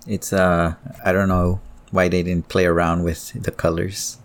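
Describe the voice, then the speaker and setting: A man's voice: low-pitched, flat delivery, a little slow. A man co-hosting a podcast, answering in short, easygoing remarks. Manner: brief, agreeable replies. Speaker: podcast co-host. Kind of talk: casual chat.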